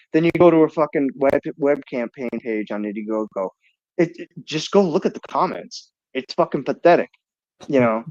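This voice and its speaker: A man's voice: on the high side, a little mellow, dry recording. A man hosting a casual call-in livestream, ranting in a heated, profane way. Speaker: livestream host. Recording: dull lo-fi stream audio.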